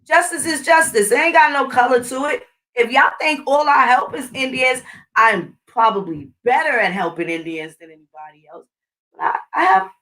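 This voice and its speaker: High-pitched and fairly bright, a middle-aged woman's voice sounds distant from the mic. She hosts her own channel, delivering a blunt, combative, profane rant in a casual monologue.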